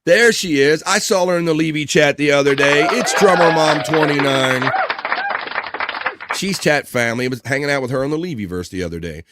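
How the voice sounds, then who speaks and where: A man hosting a casual live stream, reading out chat messages and greetings in a lively, chuckling way. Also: medium pitch, a little fast, noisy background. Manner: lively, reads chat names aloud, chuckles often.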